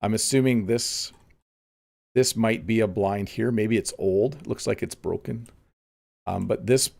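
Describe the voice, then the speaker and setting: A man with a lowish, gravelly voice teaches English during a relaxed live stream. He thinks out loud and drifts between points. His talk is loose and unhurried, with plenty of ums. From Canada. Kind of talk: live-streamed casual lesson.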